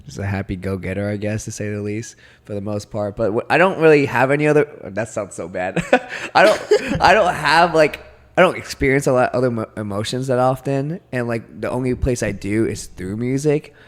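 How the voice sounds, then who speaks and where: A man's voice: on the low side, a little fast, few pauses. A young man co-hosting a podcast, chatting casually in a rambling, self-deprecating way with frequent laughs. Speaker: podcast co-host. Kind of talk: casual chat.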